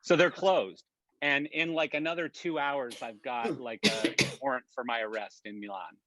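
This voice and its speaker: A man telling a story in an animated, rambling way with many restarts, on a video call from home. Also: mid-range voice, normal speed, rough recording. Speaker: production industry guest. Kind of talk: casual storytelling.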